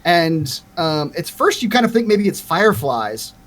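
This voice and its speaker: A man's voice: fairly high pitch, big pitch swings, measured pace, fairly bright tone. A man running a tabletop game as game master, narrating with frequent hesitations.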